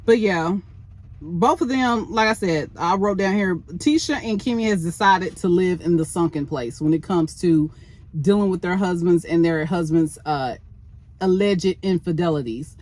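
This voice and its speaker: A woman with a fairly low, darkish voice speaks at a moderate pace. She offers blunt, opinionated takes on a reality show, sounding casual and exasperated, and addresses the show's people directly.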